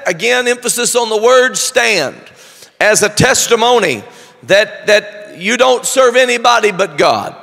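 A male pastor delivers a slow, deliberate sermon that swells into shouted fervor. His voice sits high with a bright, gravelly edge. The reverb of a large church hall rings around every phrase. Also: lively intonation. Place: church sanctuary.

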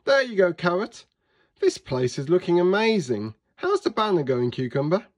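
A man's voice: high-pitched, sing-song, normal speed, pitched above the performer's own voice. A man voicing a brave, cheerful potato superhero in a children's storybook, upbeat and rousing.

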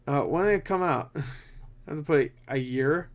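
A tired young gaming channel host browses game listings while chatting casually, grumbling, swearing and frustrated, with self-mocking jokes. His voice is a little high and moves at normal speed.

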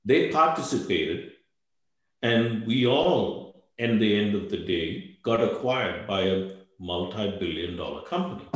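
A man in his sixties speaking as a panelist in a webinar discussion over a video call. He pauses and repeats words, often ending a point with "right?". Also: lowish voice, animated. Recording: very echoey room.

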